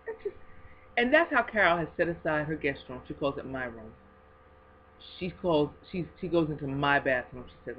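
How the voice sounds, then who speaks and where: A woman talking on her faith video blog at home, expressive and swinging from hushed to excited as she speaks of God and blessings. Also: deep voice, normal speed, dull audio, slight background noise. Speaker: video blogger.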